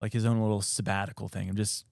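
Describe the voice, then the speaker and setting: Clear-voiced man retelling a story casually. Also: fairly low pitch, little pitch movement, quick pace, a little mellow, no room sound, clean studio sound. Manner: rambling, filler-heavy retelling. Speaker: podcast host.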